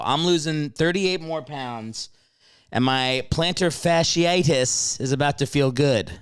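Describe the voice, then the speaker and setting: A podcast host in his late thirties records solo from his home couch, launching into a brash, profane, excitable comedic rant while slightly out of breath from a walk. His voice is medium-pitched and clean, captured dry at studio quality.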